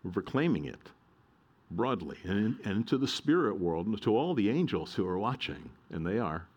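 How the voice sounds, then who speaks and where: A middle-aged male pastor preaching a sermon, earnest and emphatic, repeating key phrases. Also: on the low side.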